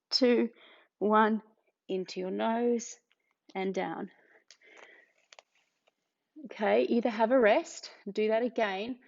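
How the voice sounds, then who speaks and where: An Australian pilates instructor guides an ab workout, cueing each move and counting down while out of breath. Her voice is on the high side and creaky, captured in dull, lo-fi sound.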